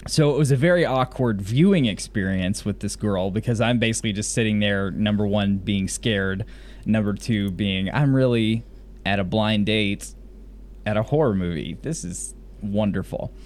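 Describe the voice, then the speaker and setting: Low-voiced man podcast co-host. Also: normal speed, darkish tone. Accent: lost Southern US accent, mostly general American. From Mississippi, US South. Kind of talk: casual chat recapping a TV episode.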